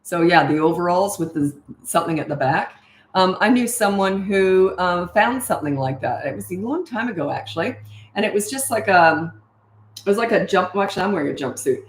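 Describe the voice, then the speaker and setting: A middle-aged woman who coaches parents, answering viewer questions in a breezy, matter-of-fact way and acting out parent lines in a bright sing-song. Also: fairly low pitch, expressive, brisk. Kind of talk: casual Q&A livestream. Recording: echoey room.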